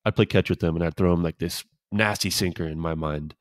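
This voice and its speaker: A man co-hosting a casual podcast, a former pro pitcher telling laid-back, rambling stories. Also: fairly even intonation, fairly quick, dry recording, clean studio sound. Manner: laid-back, rambling anecdotes with quoted dialogue. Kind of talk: casual storytelling chat.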